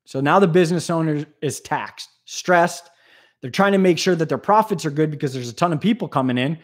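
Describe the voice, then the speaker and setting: A man hosting an aquarium channel, talking in an animated, rambling, jokey way on a live stream. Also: on the high side, a little fast. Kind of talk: casual live-stream talk.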